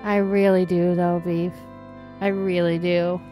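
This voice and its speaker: A woman's voice: fairly low pitch, a little slow, soft background music, natural voice. Woman playing a sulky royal bride. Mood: glum. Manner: sullen, flat, then apologetic. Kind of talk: improvised comedy role-play.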